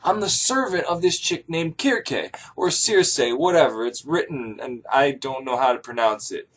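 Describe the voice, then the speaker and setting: A blunt, offhand young servant woman, played by a man in a comic story. Her lines are profane and matter-of-fact, and her pitch swings freely up and down. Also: expressive, moderate pace, a bit bright, husky. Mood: breezy. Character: brash young female servant, a go-between.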